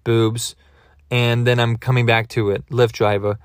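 A man's voice: medium pitch, little pitch movement, unhurried, clean tone, no room sound, clean studio sound. A man hosting a podcast, telling a comic story in a rambling, digressive, self-mocking way. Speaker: podcast host. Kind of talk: comedic storytelling monologue.

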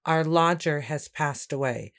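A woman voicing a rattled village mother who speaks in a low, subdued way in a spoken story. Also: a little slow. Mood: shaken.

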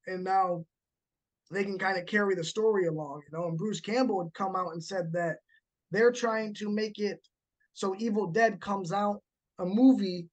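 A man hosting a casual horror podcast chat, animated and quick to act out scenes he describes. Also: high-pitched. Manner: animated, acts out movie moments with laughs. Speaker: podcast host.

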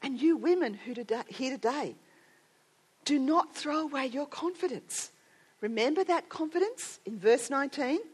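Middle-aged lady preaching, kinda high voice, earnest storytelling. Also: slightly rough. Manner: earnest storytelling with rising emphasis. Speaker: speaker at a women's gathering. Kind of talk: sermon.

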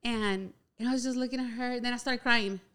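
A young woman casually telling a personal story, chatty and animated, with a lot of "like" filler. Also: on the high side, fairly quick, clean tone. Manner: chatty, heavy use of "like" filler, animated retelling.

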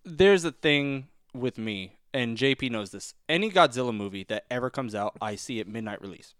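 A man's voice: medium pitch, moderate pace, smooth, dry recording, studio quality. A young man hosting a podcast, telling stories in casual chat, laughing and swearing freely. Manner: laughing, animated storyteller who swears freely. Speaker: podcast host. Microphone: studio mic.

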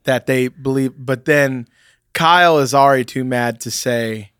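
A man's voice: medium pitch, a little slow, fairly bright tone, clean tone, dry recording, studio quality. A man casually telling a long anecdote, rambling with many fillers and restarts.

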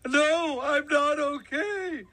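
A man's voice: very high voice, slow, sharp tone. A man doing a radio prank call, pleading and panicking as if he were trapped in an elevator, with nervous laughs.

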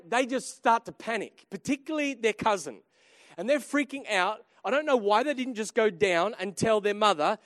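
A man preaching a sermon, telling a humorous family story with lively swings between quiet and loud. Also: sits high, no echo, studio quality. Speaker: pastor.

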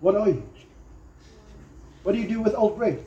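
A man's voice: high-pitched, animated, moderate pace, dark tone, slight background noise. A man preaching a sermon emphatically, acting out little quotes and prayers. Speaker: pastor. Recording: echoey room, slightly dull sound.

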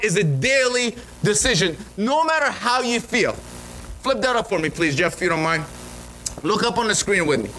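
A man's voice: high-pitched, moderate pace, slight background noise, poor audio. A male pastor preaching a sermon, telling a story with lots of energy and frequent restarts. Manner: animated storytelling with repeated restarts. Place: church sanctuary.

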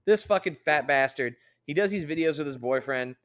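A young man hosting a casual podcast, swearing constantly and ranting with loud outbursts. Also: on the high side, normal speed. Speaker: podcast host.

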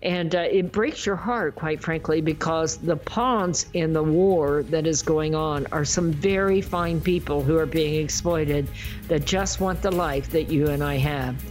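A woman's voice: low voice, measured pace, a little mellow, soft background music. A woman hosting a talk show, speaking earnestly in a folksy, pleading way as she wraps up. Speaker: show host. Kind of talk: talk radio closing remarks.

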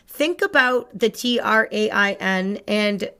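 A woman dog trainer talks through training tips in a chatty, upbeat manner. Her voice sits at an ordinary middle pitch. She explains things plainly, like a friendly instructor on a podcast. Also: slow pace, fairly bright tone.

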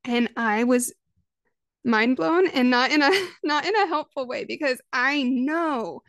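A woman's voice: sits high, a little slow, dry recording. Chatty woman podcast host, dry close sound. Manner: conversational, lively, acts out quoted voices. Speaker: parenting coach and podcast host. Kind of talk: solo podcast monologue.

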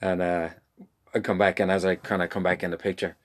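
An Irish man with a very deep voice tells stories in a casual co-hosted chat. He jokes at his own expense and laughs easily, keeping it loose and friendly. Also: level tone, fairly quick. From Ireland. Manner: joking, laughs a lot, self-deprecating. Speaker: podcast co-host.

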